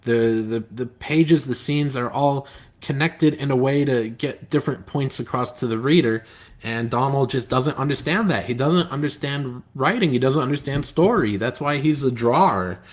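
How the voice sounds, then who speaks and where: Guy on a live stream, middle-pitched voice, rambly and hesitant, lots of ums, griping to chat. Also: moderate pace. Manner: rambling and hesitant, full of filler words; aggrieved, complaining. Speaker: comic book writer and live stream host. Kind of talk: casual live stream chat, reading viewer comments.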